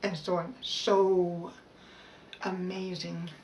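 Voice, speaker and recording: Slow, heartfelt woman vlogger. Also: on the low side, level tone. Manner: slow, halting, heartfelt delivery with pauses and restarts. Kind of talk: personal self-help talk. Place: outdoors. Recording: roomy echo, voice a bit far from the mic, faint background noise.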